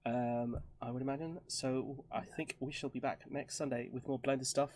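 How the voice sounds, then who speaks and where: A man's voice: mid-range voice, steady tone, moderate pace, a little mellow, no room sound. A man streaming casually while working in a 3D program, often muttering to himself and trailing off with self-mocking asides. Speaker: streamer co-host.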